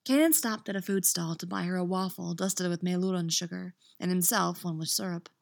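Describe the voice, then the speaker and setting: Woman, podfic reader, lowish voice, expressive, swears at slips, dry room. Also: brisk, vocal fry, no echo. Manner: expressive, laughs and swears at her own slips. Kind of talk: reading fan fiction aloud with casual asides. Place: couch in a friend's house.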